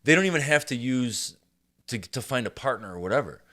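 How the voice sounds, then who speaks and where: A man with a deep voice hosting a podcast, talking casually with lots of swearing and laughter. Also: fairly quick. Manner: animated, swearing, laughing often. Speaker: podcast host. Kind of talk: casual chat.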